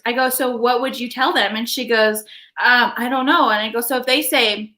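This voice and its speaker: Chatty animated woman podcast host. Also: fairly high pitch, moderate pace. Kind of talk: casual live-stream chat.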